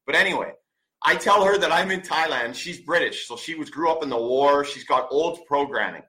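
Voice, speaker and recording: Forceful, blunt motivational man in his forties. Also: on the high side, moderate pace, low-quality recording. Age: 40s. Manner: emphatic, blunt, swears often; preachy, repeats commands for stress. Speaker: podcast host. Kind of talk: motivational monologue.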